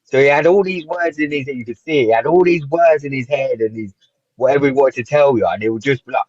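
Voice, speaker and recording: A man as a guest, telling stories in a lively casual way and acting out what others said. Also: mid-range voice, fast, no echo, lo-fi sound. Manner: animated storytelling, acts out quotes, frequent "like". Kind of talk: casual reminiscing chat.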